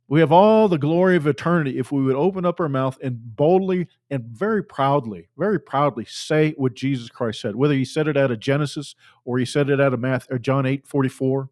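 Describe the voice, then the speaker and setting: A man's voice: fairly high pitch, darkish tone. A man preaching a fiery sermon, fervent and emphatic, repeating phrases for force.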